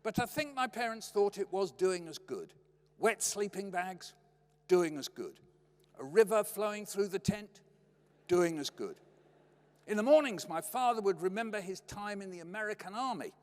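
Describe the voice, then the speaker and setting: A man's voice: high-pitched, moderate pace. An older man giving a storytelling lecture in a wry, anecdotal way, heard in a lecture hall. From Britain. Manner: wry, anecdotal, lively delivery. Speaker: lecturer, poet. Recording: long hall reverb.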